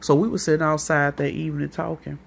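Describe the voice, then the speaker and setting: A woman's voice: low voice, fairly even intonation, fast, gravelly, slightly rough. A woman with a St. telling a long, rambling, profane story in a casual monologue, acting out what other people said. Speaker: vlogger.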